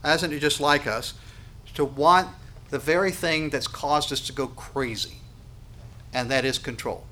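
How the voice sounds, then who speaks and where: A man preaching a sermon, emphatic and full of rhetorical questions, swinging from quiet to loud. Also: mid-range voice, a little slow, a little hiss or hum. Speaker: pastor.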